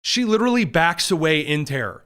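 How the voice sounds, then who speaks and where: A man's voice: a little high, big pitch swings, a little fast, a loud crowd, heavy background noise. A man hosting a political commentary livestream from a studio, talking with sarcastic, mocking asides. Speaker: host.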